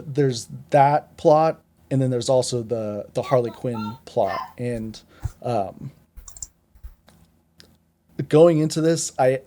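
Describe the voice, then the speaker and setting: A man with a dark, mellow voice talks through a film in a loose, casual review. He rambles, backtracks and restarts as he rants on. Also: medium pitch. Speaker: podcast co-host. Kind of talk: casual movie review chat.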